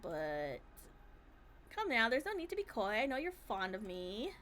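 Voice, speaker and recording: A woman's voice: fairly high pitch, wildly swooping pitch, measured pace, fairly bright tone, faint music behind, pitched below the performer's own voice, full character voice. A woman voicing an arrogant, spoiled young heir who talks down to everyone. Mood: smug. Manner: haughty, smug, condescending.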